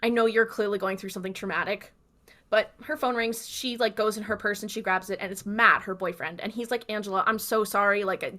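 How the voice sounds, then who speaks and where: A woman's voice: medium pitch, fairly even intonation, brisk, pushed and bright. A young woman co-hosting a podcast, chatting casually and retelling scenes by acting out the characters' lines. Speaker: podcast co-host. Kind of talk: casual recap chat.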